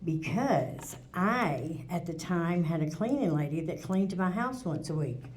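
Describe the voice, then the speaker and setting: A woman's voice: lowish voice, expressive, unhurried, darkish tone, a little hiss or hum. A middle-aged woman, telling her recovery story at a meeting in a candid, plainspoken way with frequent restarts. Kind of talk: personal testimony at a recovery meeting. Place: meeting room.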